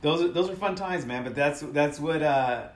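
A comedian guest chats casually and keeps backing up a friend's story with quick remarks. His voice is slightly high and carries a roomy echo. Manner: backs up the story with short agreeing remarks. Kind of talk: casual chat.

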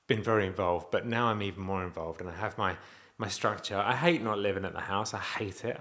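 Dad vlogger, lowish voice, earnest, rambling, stops and restarts a lot. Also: male voice, a bit bright. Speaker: vlogger and father. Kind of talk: candid personal vlog.

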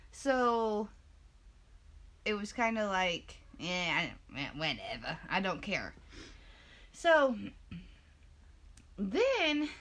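A woman's voice: medium pitch, fairly bright tone. A woman in her twenties chatting casually, laid-back and self-mocking, laughing often. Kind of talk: casual chat.

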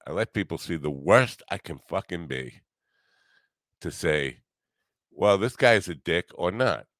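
A man's voice: low-pitched, expressive, unhurried, fairly bright tone, no echo. A middle-aged man hosting a podcast, rambling bluntly with lots of swearing and filler words. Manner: blunt, profane, self-deprecating, many fillers. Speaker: podcast host and musician. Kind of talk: casual rambling chat.

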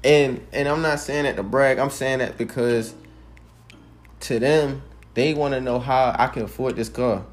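A man's voice: medium pitch, fairly even intonation, a little slow. A 21-year-old man podcasting alone, telling a story in an emphatic, heated way with plenty of swearing. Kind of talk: casual monologue.

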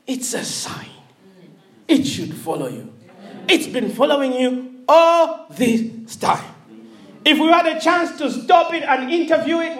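A woman from Africa preaching a sermon, animated and laughing, often asking the congregation if they follow her. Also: high voice, echoey room.

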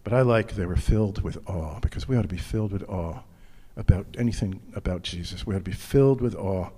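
A male pastor preaching a sermon in an earnest, personal way, dropping his voice low when he speaks of his own struggles. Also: fast talker, warm tone, husky, long reverb tail.

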